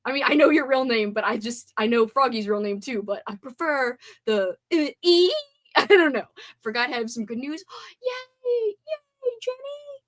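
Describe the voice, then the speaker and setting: Chatty, high-voiced woman streamer. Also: moderate pace, fairly bright tone. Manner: chatty, playful, grumbles and swears casually. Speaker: livestream host. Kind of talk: casual chat reading out viewer comments.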